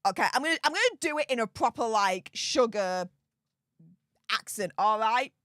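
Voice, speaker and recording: A woman's voice: on the high side, lively intonation, normal speed, a bit bright, no echo, clean studio sound. A woman hosting a casual commentary vlog, talking in a sarcastic, mocking way and exclaiming often. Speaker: commentary channel host.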